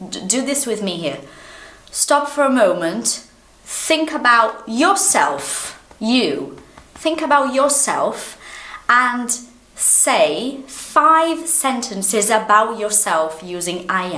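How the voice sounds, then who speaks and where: A woman's voice: mid-range voice, a bit bright, roomy sound. A Brazilian woman with a Brazilian Portuguese accent, a native Portuguese speaker, teaching English in an emphatic way that repeats key phrases. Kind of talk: English lesson to camera.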